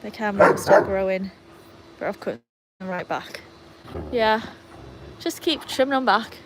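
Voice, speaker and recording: A woman's voice: mid-range voice, a little slow, very noisy. A woman hosting a casual livestream in her garden, chatting to viewers while fussing over her dogs. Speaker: livestream host. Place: outdoor garden.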